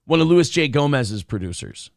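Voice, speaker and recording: A man's voice: on the high side, big pitch swings, moderate pace, creaky, no room sound, clean studio sound. Brash, boastful male live-stream host. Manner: brash, boastful trash talk, reads viewer messages aloud. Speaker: co-host of a morning show. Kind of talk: casual live-stream banter.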